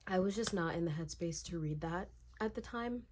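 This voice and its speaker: A young woman in her twenties chatting casually in a reading vlog, emotional, often dropping into a hushed whisper. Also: lowish voice, normal speed, a little hiss or hum. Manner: emotional, swings between hushed whispers and excited outbursts. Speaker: book vlogger.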